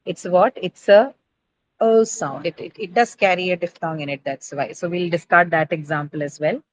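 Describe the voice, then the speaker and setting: Woman English teacher, lowish voice, patient lecturing with fillers, faint hiss. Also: normal speed, poor audio. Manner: explanatory, frequent fillers and checking questions. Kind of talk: online class lecture.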